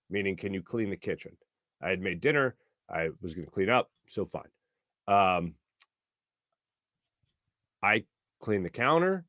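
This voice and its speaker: A man's voice: low voice, lively intonation, a little slow, pauses often, bright, forceful tone, dry recording, clean studio sound. A man hosting a sports talk show, chatty and jokey, often laughing. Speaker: sports radio host.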